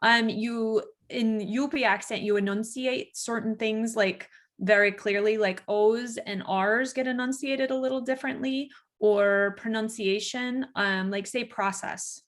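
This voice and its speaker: A woman's voice: a little high, steady tone, measured pace, hardly any pauses. A woman from Michigan with a Midwestern accent tinged by Minnesotan vowels, chatting casually as an interview guest. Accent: Michigan with Minnesotan touches. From lower Michigan. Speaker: funeral director, interview guest.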